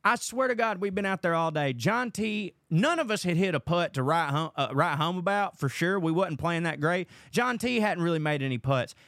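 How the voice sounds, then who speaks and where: A man's voice: sits high, animated, moderate pace, hardly any pauses, fairly bright tone, no echo, clean studio sound. A young man hosting a podcast, rambling through a profane, casual monologue. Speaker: podcast host.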